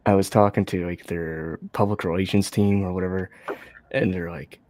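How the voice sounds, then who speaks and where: Guest type, man, low voice, softly spoken, quiet delivery. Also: steady tone, normal speed. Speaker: guest on stream. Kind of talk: casual chat.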